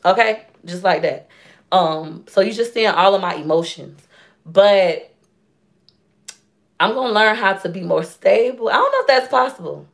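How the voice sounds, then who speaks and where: A woman's voice: medium pitch, normal speed, creaky, long pauses. A young adult woman vlogging in casual chat to her viewers, candid and emotional, telling stories in long run-on sentences. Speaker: YouTube vlogger.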